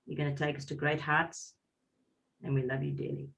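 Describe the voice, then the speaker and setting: A man's voice: a little high, level tone, moderate pace, gravelly, a bit bright, far from the mic. A man from South Africa giving an earnest motivational talk on a video call, in a repetitive, preachy cadence. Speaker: business partner closing a call.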